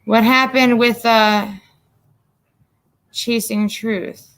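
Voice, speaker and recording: A woman's voice: on the high side, steady tone, extremely slow, fairly bright tone. A middle-aged woman from the northern US hosting a casual livestream chat, rambling with lots of fillers. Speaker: livestream host.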